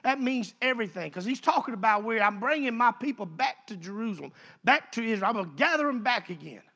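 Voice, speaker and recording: An older man preaching, his voice high, bright and gravelly. He moves between hushed, personal storytelling and fervent, rising exhortation in a folksy sermon style. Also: expressive, fast talker. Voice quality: folksy Southern phrasing.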